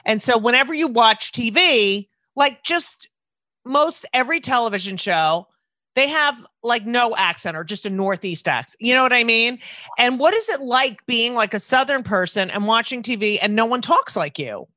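A woman's voice: on the high side, lively intonation, normal speed, bright, forceful tone, dry recording. A middle-aged woman from New Jersey hosting a podcast interview, rambling and swearing casually, often breaking off mid-sentence. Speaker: podcast host.

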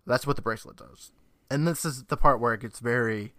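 A man co-hosting a podcast, casually retelling a show's plot with quick asides and laughs. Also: mid-range voice, a bit bright, no echo. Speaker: podcast co-host. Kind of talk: casual episode recap.

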